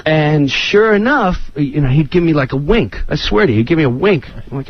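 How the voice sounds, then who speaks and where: A man and comedian guest telling a lively anecdote, slipping into voices of the people in it. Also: on the high side, a little fast, lo-fi sound. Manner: lively, does voices of others. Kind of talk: animated storytelling.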